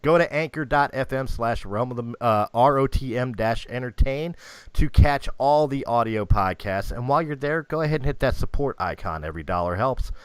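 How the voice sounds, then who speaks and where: A man's voice: mid-range voice, moderate pace, smooth, no room sound. A man hosting a casual podcast, reading the outro and plugs in a playful way. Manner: animated, reads promos playfully. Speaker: podcast host.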